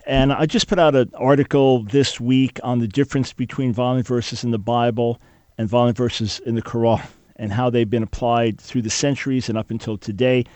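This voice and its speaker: Male radio host, mid pitch, dry close studio sound, earnest and emphatic. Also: steady tone, moderate pace, darkish tone, no room sound. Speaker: radio talk show host. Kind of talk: talk radio hosting.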